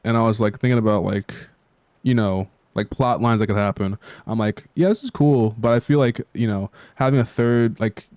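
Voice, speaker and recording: Rambling man with a smooth, low voice. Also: darkish tone, dry recording. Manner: rambling, many fillers, casual swearing. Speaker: channel host. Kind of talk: casual rambling chat.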